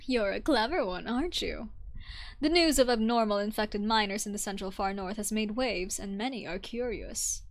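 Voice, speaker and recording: A woman's voice: medium pitch, normal speed, lightly acted. A woman voicing a proud, formal female imperial guard sergeant who speaks with guarded politeness. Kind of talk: reading a game story aloud on stream.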